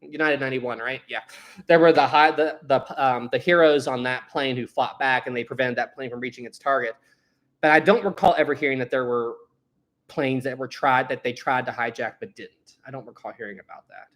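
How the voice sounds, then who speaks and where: A man's voice: mid-range voice, fairly quick, fairly bright tone. A young man hosting a casual livestream, rambling and laughing often as he reads out chat messages. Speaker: livestream host. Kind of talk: casual live chat reading Super Chats.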